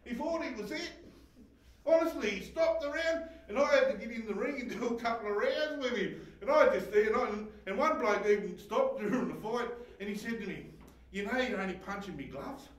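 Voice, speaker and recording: High-voiced man preaching in an echoey hall. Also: lively intonation, a little fast. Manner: emotional, swings from shouting to hushed, laughs often. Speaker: pastor. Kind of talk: sermon testimony. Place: church hall. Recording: echoey hall, voice heard from a distance.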